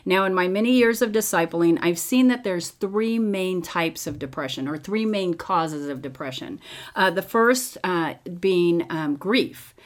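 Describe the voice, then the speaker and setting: A woman's voice: fairly low pitch, animated, a little slow. A middle-aged woman hosting a podcast and teaching in a chatty, storytelling way with many fillers. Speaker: podcast host and Bible teacher. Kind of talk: casual teaching talk.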